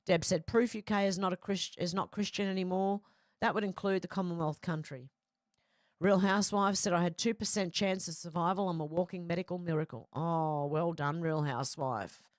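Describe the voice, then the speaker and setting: A woman's voice: lowish voice, steady tone, normal speed, no room sound, studio quality. A middle-aged woman hosting a casual live chat, reading viewer comments aloud and reacting with frequent laughs. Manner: chatty, laughs often, reads comments aloud.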